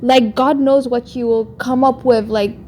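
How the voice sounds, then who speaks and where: A woman's voice: fairly high pitch, fairly even intonation, a little slow, mellow, slight background noise. Exasperated woman with a non-American accent. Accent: non-American English accent. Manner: exasperated, heavy use of "like". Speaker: YouTuber responding to another creator. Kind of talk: vlog rant.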